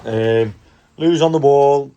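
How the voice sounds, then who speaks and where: A man's voice: medium pitch, slow, mellow, muffled recording, a little hiss or hum. A man, a building boss filming a casual vlog, joking with his workers. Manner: jokey, laughs often, banters with workers. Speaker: vlogger and building firm boss. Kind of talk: casual chat on a work site.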